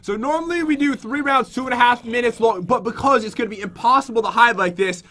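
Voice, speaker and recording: A woman's voice: fairly high pitch, quick pace, fairly bright tone. A woman hosting a casual gaming video, explaining the rules in a chatty way and laughing often.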